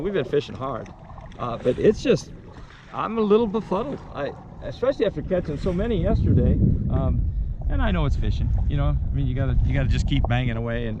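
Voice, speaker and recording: A man's voice: medium pitch, muffled recording, background noise. A man working as a fishing guide, chatting and joking on a boat on a lake, often laughing and restarting his sentences. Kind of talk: casual fishing vlog chat.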